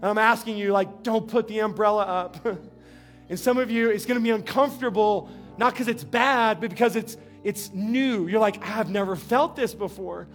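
High-voiced guy preaching, chatty, keeps repeating himself, soft music behind. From New Mexico. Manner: conversational, repeats words, shifts to slow earnest tone. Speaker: pastor. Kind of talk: sermon.

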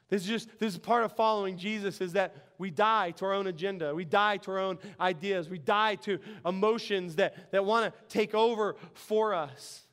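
A man preaching a sermon as pastor, excitable and animated, laughing often as he talks. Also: high voice, moderate pace, hardly any pauses, smooth.

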